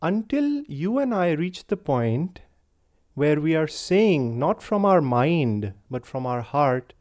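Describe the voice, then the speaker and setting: A young man with an Indian English accent giving an earnest satsang talk, retelling a story with gentle pauses. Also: fairly high pitch, very animated. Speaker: spiritual teacher.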